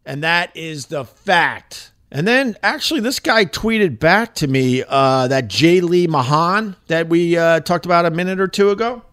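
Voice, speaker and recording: Reading social media posts aloud, this middle-aged podcast host, once a shock jock on radio, rambles casually and profanely with emphatic shifts. His voice is on the high side, expressive, smooth and fairly bright, moving at a measured pace with few pauses.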